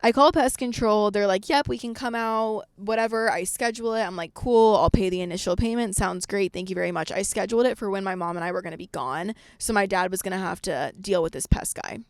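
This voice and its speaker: A young woman rants through a story on her podcast, cursing often and replaying her own past lines with plenty of energy. Her voice sits at an ordinary middle pitch for a woman. The sound is close and dry, with no room echo. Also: fairly quick, few pauses. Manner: animated, swears a lot, acts out her own past lines. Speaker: podcast host.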